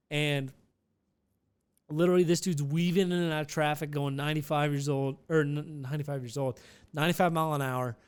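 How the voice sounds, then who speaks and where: Smooth-voiced young man telling a story. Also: a little high. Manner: rambling and animated, with frequent restarts and swearing. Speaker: podcast host. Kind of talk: casual storytelling.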